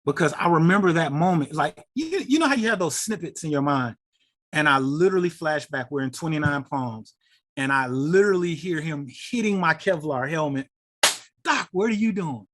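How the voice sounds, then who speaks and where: A middle-aged man, a guest on an interview show, telling a personal story in an animated and emotional way. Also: on the high side, brisk. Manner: animated, acts out quoted voices, gets emotional.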